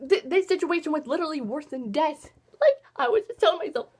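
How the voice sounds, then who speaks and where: Gushing young woman, high lively voice. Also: brisk, hardly any pauses. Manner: gushing, emotional, rambling with many fillers. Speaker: book vlogger. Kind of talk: casual book review chat.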